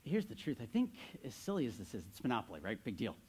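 A man's voice: mid-range voice, huge pitch swings, fast, darkish tone, breathy edge. A man in his thirties, a pastor giving a sermon, telling a story with playful asides to the congregation.

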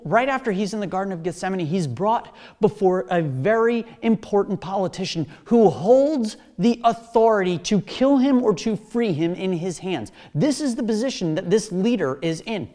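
A preacher giving a sermon, animated and swinging from loud emphasis to hushed whispers. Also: mid-range voice.

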